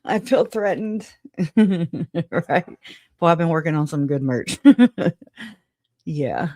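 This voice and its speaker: A woman's voice: low voice, animated, very slow, a little mellow, no room sound, clean studio sound. A woman hosting a casual livestream, greeting viewers by name, chatty and frank, laughing often. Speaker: livestream host.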